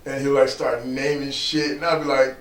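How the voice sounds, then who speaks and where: A man chiming in with quick, profane reactions as a podcast host at a convention, recorded in an echoey hall from a distance. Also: mid-range voice, flat delivery, over a noisy crowd. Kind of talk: casual convention chat.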